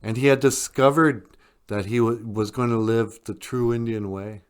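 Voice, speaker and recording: A man's voice: mid-range voice, fairly even intonation, moderate pace, clear, resonant tone. A man hosting a podcast, casually retelling a story in a rambling, chuckling way. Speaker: podcast host.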